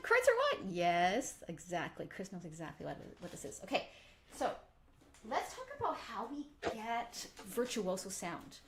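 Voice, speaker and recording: Lively woman teaching violin bowing. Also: lowish voice, a little hiss or hum. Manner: animated, demonstrative, sings out bow strokes. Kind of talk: live online workshop lesson.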